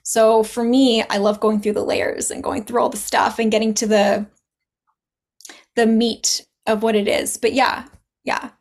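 A chatty woman talks as a podcast guest. Her voice sits a bit high, and she acts out quoted dialogue as she goes, laughing often. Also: flat delivery, unhurried. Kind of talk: casual podcast chat.

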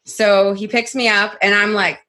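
A young adult woman telling a personal story on a podcast in a casual, animated way, saying "like" a lot and swearing freely. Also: mid-range voice, normal speed. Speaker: podcast guest.

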